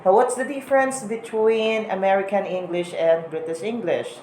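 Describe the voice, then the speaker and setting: Woman, teacher, repeats words slowly, echoey room, faint background noise. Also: medium pitch, a little mellow. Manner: slow, repeats example words to model pronunciation. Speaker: English teacher. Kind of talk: recorded lesson on English accents.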